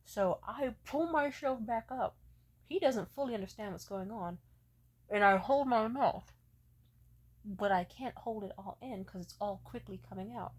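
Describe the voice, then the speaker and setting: A young woman vlogger telling a casual, profane story with animated energy. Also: medium pitch, a little slow, husky.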